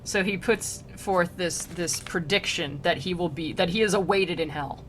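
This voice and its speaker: With a bit of background noise, a young woman reads a classic poem and comments on it casually, turning the lines into modern slang between frequent laughs while she does a craft. Her pitch sits fairly low, her tone is a bit bright, and she talks at normal speed.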